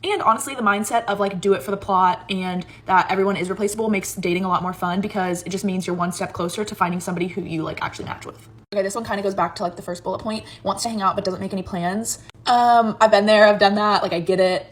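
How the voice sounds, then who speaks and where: Woman, rapid sassy delivery, casual advice vlog. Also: medium pitch. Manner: sassy, emphatic, quick asides. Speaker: dating advice vlogger.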